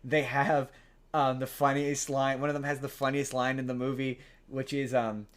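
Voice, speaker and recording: A man's voice: medium pitch, level tone, moderate pace. A man co-hosting a podcast, casually retelling a movie plot in a rambling way, with many restarts and quoted lines. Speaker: podcast co-host.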